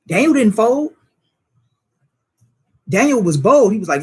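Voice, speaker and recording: A man's voice: sits high, lively intonation, normal speed, long pauses, slightly rough. A man teaching a Bible study in informal preaching style, emphatic and full of rhetorical questions and street slang.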